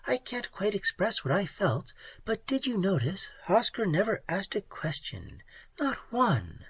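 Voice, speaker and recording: Earnest young woman explorer, read by a narrator; soft, breathy, questioning storybook voice. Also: big pitch swings, a little slow, full character voice. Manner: pleading, questioning, softer and higher than the narration. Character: young woman space traveler, earnest and quick. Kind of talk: audiobook character voice.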